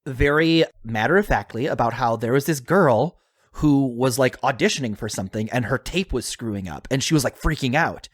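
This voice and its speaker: A man's voice: mid-range voice, expressive, normal speed, no echo, clean studio sound. A man co-hosting a podcast in casual chat, chatty with lots of fillers and frequent laughs. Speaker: podcast co-host.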